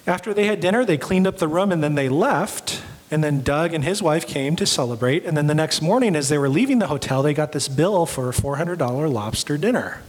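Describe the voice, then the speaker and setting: A man's voice: a little high, lively intonation, fairly quick, few pauses, breathy edge. A young adult man giving a sermon as a pastor, telling stories and acting out the quoted voices. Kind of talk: sermon storytelling. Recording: long hall reverb.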